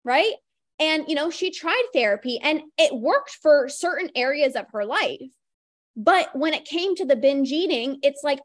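A woman's voice: sits high, animated, measured pace. A young woman hosting a solo podcast, talking casually with lots of "like" and acting out little inner voices. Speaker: podcast host.

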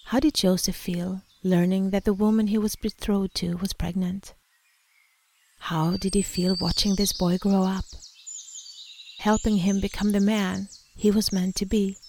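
A woman leading a reflective guided meditation in a soft, contemplative way that sometimes drops to a whisper. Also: mid-range voice, a little hiss or hum.

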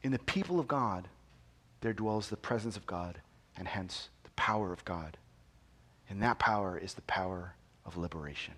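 Deep and expressive with a breathy edge, this man preaches as a pastor at a moderate pace. His sermon swings from soft near-whispers to loud, emphatic proclamation, with repeated phrases and rhetorical questions aimed at the congregation.

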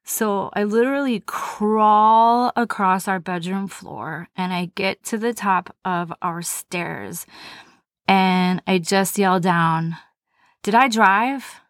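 A woman's voice: medium pitch, fairly even intonation, takes it slowly, no room sound, studio quality. A woman hosting a podcast, telling a personal story in a candid, conversational, self-deprecating way. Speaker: podcast host.

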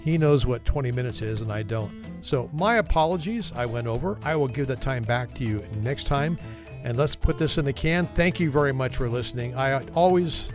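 A man hosting a podcast and delivering a humorous monologue in a wry, self-deprecating, conversational manner. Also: medium pitch. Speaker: podcast host.

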